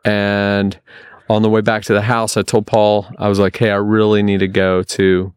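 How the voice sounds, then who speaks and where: A man, a podcast guest, telling a long personal story in a casual, animated way, often repeating his words. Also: lowish voice, moderate pace, clean tone, no room sound.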